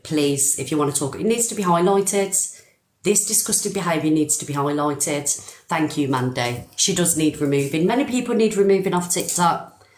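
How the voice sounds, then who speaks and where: A woman's voice: low voice, roomy sound. A middle-aged British woman hosting a live stream, ranting angrily and emphatically with plenty of swearing. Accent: British English. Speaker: TikTok live host.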